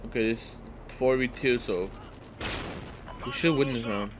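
A man's voice: medium pitch, a little slow, background noise. A man hosting his gaming channel, just woken up and rambling through casual commentary full of fillers while he plays. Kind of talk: live gameplay commentary.

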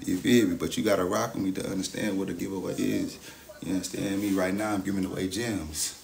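A young man chats on a livestream in a gravelly, lowish voice. He is boastful and hyped, and he keeps throwing "you know what I'm saying" at his viewers. Faint background noise sits under his voice. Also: steady tone, fast talker, a little mellow. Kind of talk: casual livestream chat.

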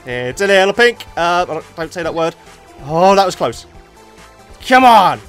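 A man giving jokey let's play commentary as a gaming YouTuber, getting excitable and yelping at close calls. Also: a little high, moderate pace, clear, resonant tone, soft background music. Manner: excitable, jokey, yelps at near misses.

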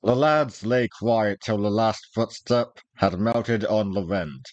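A man's voice: lowish voice, fairly even intonation, slow, a little mellow, dry recording, highs cut off. A man reading a classic adventure novel aloud chapter by chapter, giving the characters lightly different voices. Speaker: audiobook reader.

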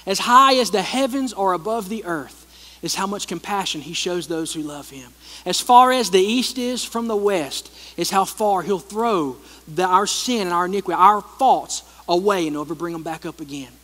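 Animated high-voiced pastor in echoing church. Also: male voice, normal speed. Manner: conversational preaching, animated retelling with repeated phrases. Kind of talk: sermon. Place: church hall.

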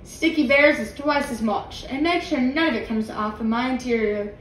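A grumpy male taxi driver growls out his complaints slowly, played by a woman reading a storybook. The recording is roomy and a little distant from the mic. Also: high-pitched, slight background noise, lightly acted. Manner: growling, grumbling.

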